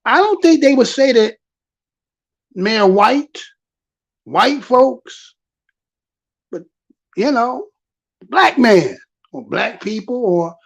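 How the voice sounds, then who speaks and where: A man giving casual vlog commentary on news clips, animated, repeating himself and firing off rhetorical questions. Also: high voice, creaky, lo-fi sound.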